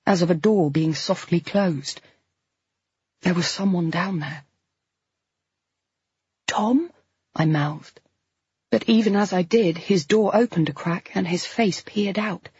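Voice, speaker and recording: Breathy woman narrating an audiobook. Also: mid-range voice, dry recording. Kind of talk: first-person audiobook narration. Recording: dull, slightly lo-fi dry recording.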